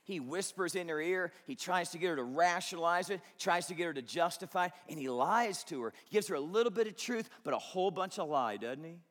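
A man's voice: fairly high pitch, lively intonation, fairly quick, few pauses, a bit bright, big-room sound. A man preaching a sermon as pastor, conversational and joking, acting out quotes to the congregation.

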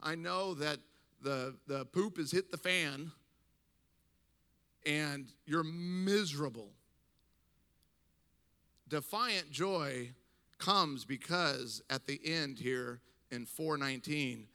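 A man's voice: a little high, slow pace, long pauses, sharp tone. A middle-aged male pastor preaching a sermon, reading scripture and breaking off into emphatic, conversational asides.

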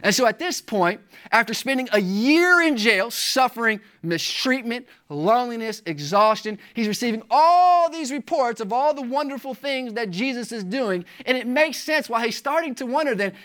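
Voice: lively intonation, moderate pace, few pauses, fairly bright tone. Emphatic preacher asking rhetorical questions. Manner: varies pitch and volume for emphasis. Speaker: pastor. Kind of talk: sermon.

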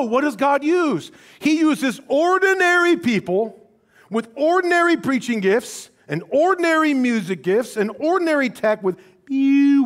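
High-voiced animated male preacher. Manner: animated storytelling, swings between quiet asides and raised emphasis; conversational, casual phrasing with restarts. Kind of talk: sermon.

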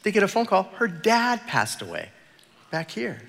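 A middle-aged man preaching a sermon in church, telling a story with halting, repeated words. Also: sits high, huge pitch swings, gravelly, a bit bright. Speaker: pastor. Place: church sanctuary. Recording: echoey church hall.

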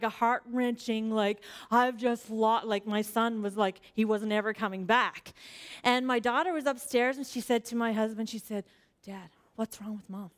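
A woman in her forties giving a personal, chatty sermon at church, earnest and storytelling, with lots of "like" fillers. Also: a little high. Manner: frequent fillers like "like". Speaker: church speaker.

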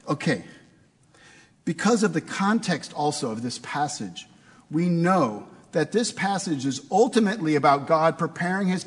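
A man's voice: sits high, breathy edge, in a large hall. A man preaching a sermon in a conversational way, asking his listeners rhetorical questions. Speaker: pastor.

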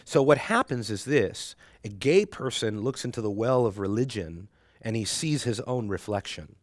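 A man's voice: on the low side, animated, moderate pace, no room sound, studio quality. Bantering male Bible class teacher. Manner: joking, teasing students, laughs often. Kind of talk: conversational class lecture.

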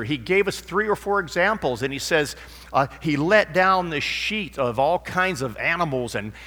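Man, preacher, rambling, anecdotal, bright tone, reverberant church hall. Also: medium pitch. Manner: rambling, anecdotal, with fillers and restarts. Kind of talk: sermon with a told joke.

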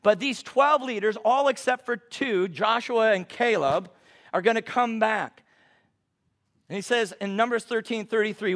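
Preaching a sermon as a guest, a middle-aged man speaks at a moderate pace in a notably high, somewhat bright voice, stressing his words and lingering over the scripture he quotes.

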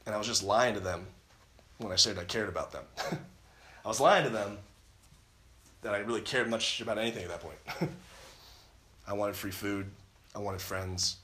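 A man's voice: on the low side, moderate pace, long pauses, bright, forceful tone, slight background noise. A man giving an earnest personal testimony at a camp, retelling his story with many restarts and repeated phrases. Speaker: camp speaker. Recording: roomy echo.

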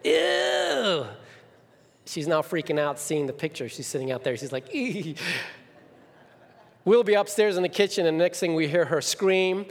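Middle-aged male pastor, high-ish voice, animated storyteller, hall reverb. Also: quick pace, few pauses. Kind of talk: sermon with personal stories. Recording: long reverb of a church hall.

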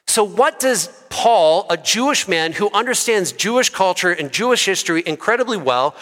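A male pastor preaching in a conversational, lively way and asking the congregation questions. His voice is bright and slightly high, with long reverb from a large church hall. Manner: lively and conversational, asks the crowd. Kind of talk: sermon.

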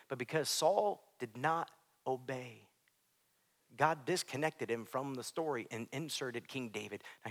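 A man preaching a sermon as pastor, swinging from hushed near-whispers to loud shouts. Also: medium pitch. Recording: preacher in a large reverberant hall.

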